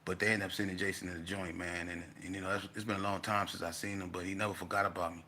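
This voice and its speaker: A man telling a casual storytelling monologue, animated and profane, breaking into loud outbursts. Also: deep voice, racing, slight background noise. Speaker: vlogger telling stories.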